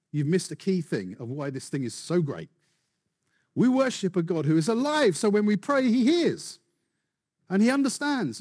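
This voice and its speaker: A male preacher delivering a sermon in a somewhat high, husky voice. His pitch swings widely as he presses his points with rhetorical questions and mounting emphasis. The delivery stays animated throughout.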